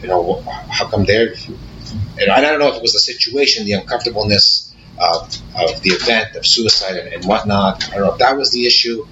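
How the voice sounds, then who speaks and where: A man co-hosting a podcast, reflecting in a halting way and searching for his words. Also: on the low side, bright, forceful tone. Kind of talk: reflective conversation. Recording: slightly dull audio with faint noise.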